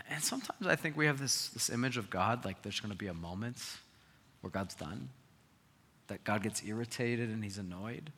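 A man preaching a sermon as pastor, earnest, swinging between loud emphasis and quiet asides. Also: on the low side, lively intonation, moderate pace, slightly rough. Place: church sanctuary. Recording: long hall reverb.

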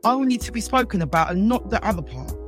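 A woman's voice: mid-range voice, lively intonation, quick pace, faint music behind. A woman with a London accent co-hosting a podcast in casual chat, full of exclamations like "boy". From England. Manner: exclamatory, calls people girl and boy. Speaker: podcast co-host.

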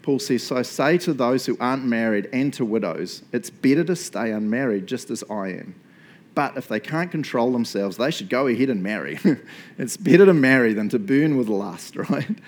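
Animated New Zealand pastor preaching. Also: male voice, medium pitch, moderate pace. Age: middle-aged. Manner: animated, laughs often, chatty asides. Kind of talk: sermon.

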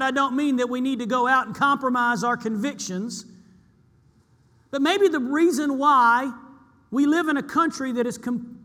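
A man's voice: extremely high pitch, sharp tone, big-room sound. A man preaching a sermon to his church, earnest and emphatic, repeating key lines for weight.

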